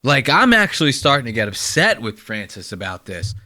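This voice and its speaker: A man hosting a casual reaction commentary, talking in animated disbelief and swearing freely. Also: medium pitch, a little fast. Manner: incredulous, animated, swears often. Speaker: host.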